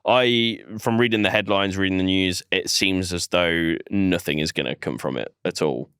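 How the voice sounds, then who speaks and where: A man chats on a podcast in a laid-back, blunt manner, joking and swearing. His voice sits fairly low and sounds smooth and resonant in a dry, close recording. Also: moderate pace, fairly bright tone, dry recording. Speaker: podcast co-host. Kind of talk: casual political podcast chat.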